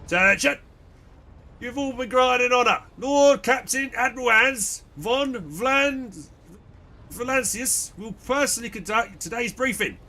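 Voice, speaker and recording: A formal herald calls out announcements, loud and ceremonious, with the voice lifted higher by a man playing the part. The delivery is slow and grand. A game character. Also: full character voice.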